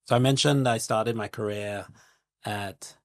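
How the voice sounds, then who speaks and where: A middle-aged man from Trinidad, speaking as a guest investor in an interview, is measured and reflective, building his points through analogies and lists. His voice is lowish and steady, recorded with clean studio sound and no echo.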